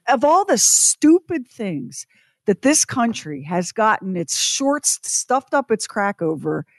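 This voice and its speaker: A woman co-hosting a radio show, ranting in a lively, opinionated way and chatting casually. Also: on the high side, dry recording, studio quality.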